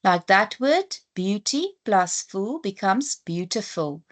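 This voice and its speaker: Her medium-pitched voice swings widely in pitch as she speaks slowly. A South African English teacher, she leads a deliberate, patient spelling lesson, sounding out letters one at a time.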